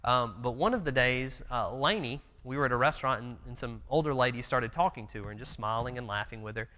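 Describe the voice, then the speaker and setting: A man in his thirties talks through a church Bible class in an earnest, conversational way, with plenty of fillers. His voice is bright and pushes forward. The recording carries the long reverb of a church hall. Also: medium pitch, fast talker. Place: church meeting room.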